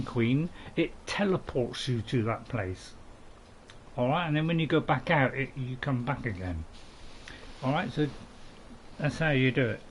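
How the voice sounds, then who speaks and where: Slightly high-voiced, this middle-aged man talks loosely with his livestream audience as he games, joking and rambling with lots of restarts. A little background noise can be heard.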